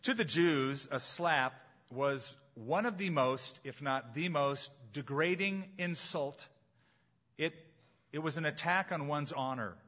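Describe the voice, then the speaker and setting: A man's voice: a little high, bright, forceful tone, dull audio. Emphatic male pastor preaching. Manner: emphatic, slows down on key phrases. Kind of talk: sermon.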